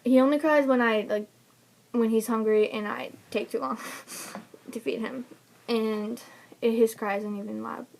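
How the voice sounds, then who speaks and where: A woman's voice: a little high, fairly even intonation, a little slow, gravelly, a little mellow. A young woman casually telling the story of giving birth, chatty and laughing often between fillers. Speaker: new mother telling her birth story. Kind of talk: casual personal vlog storytelling.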